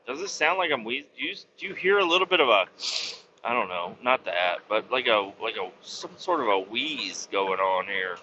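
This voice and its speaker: A man's voice: lowish voice, big pitch swings, normal speed, bright, forceful tone, slight background noise. A man driving a truck and hosting a podcast, telling a profane, self-mocking story in a casual rambling way, a little wheezy. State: slightly wheezy. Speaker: truck driver and podcast host. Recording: slightly dull lo-fi sound.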